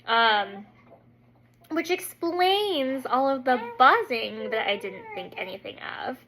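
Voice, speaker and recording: A woman's voice: high-pitched, takes it slowly, rough recording. A woman in her thirties chatting casually at her kitchen table at home, telling a rambling story full of "like" and "um". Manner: rambling, heavy use of "like" and "um"; animated storyteller who acts out quotes. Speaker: makeup vlogger.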